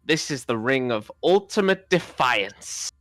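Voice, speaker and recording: A man doing a smooth-talking haggling merchant. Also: mid-range voice, lively intonation, measured pace, a bit bright. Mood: salesy. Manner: wheedling salesman patter.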